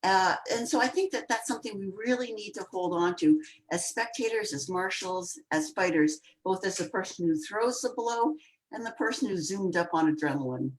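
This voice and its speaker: A woman on a coaching panel talking in an expressive, animated way, acting out examples as she goes. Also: mid-range voice, moderate pace, low-quality recording. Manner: expressive, animated storytelling with laughs and acted-out quotes. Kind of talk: panel discussion.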